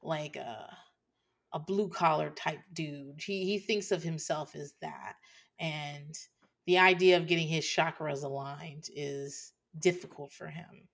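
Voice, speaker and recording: Woman co-host, chatty and animated, lots of laughter while recapping a show. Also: low voice, a little slow, vocal fry. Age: late 20s or older. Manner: animated, laughs often, acts out quotes. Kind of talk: casual chat recapping a TV show.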